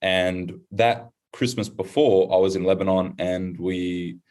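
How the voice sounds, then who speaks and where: A young man with an Australian accent, a podcast guest, telling a story casually and putting on high voices when he quotes others. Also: a little slow. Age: young adult. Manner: animated, acts out quoted voices in high pitch.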